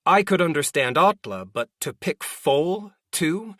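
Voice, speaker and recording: A man reading a light novel aloud in first person, slow and deliberate. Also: on the high side, animated, fairly bright tone, no echo, studio quality. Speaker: audiobook narrator.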